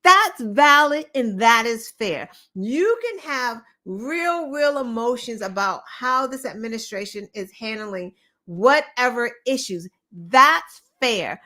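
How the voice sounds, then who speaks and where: A woman's voice: a little high, lively intonation, slow pace, pushed and bright. A woman hosting a show, giving opinionated political commentary in an impassioned, profane way, firing off rhetorical questions. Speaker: show host.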